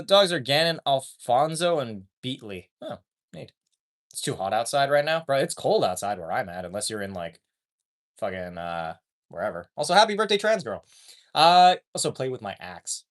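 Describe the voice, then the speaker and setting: A male streamer talks through a casual live chat, reading viewer comments as they come in. His pitch moves up and down freely. He rambles, loses threads mid-sentence and swears without much thought. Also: a bit bright.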